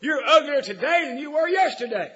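A preacher doing a rude talking parrot. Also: male voice, very high-pitched, lively intonation, brisk, bright, forceful tone, highs cut off, voice pushed up, exaggerated voice. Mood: taunting. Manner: blunt, insulting, delivered for laughs.

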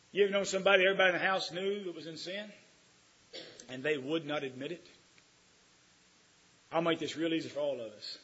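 A preacher delivers a folksy, emphatic sermon, dropping into quiet asides and rising to loud declarations. His voice sits high and a little husky. The recording is dull and lo-fi.

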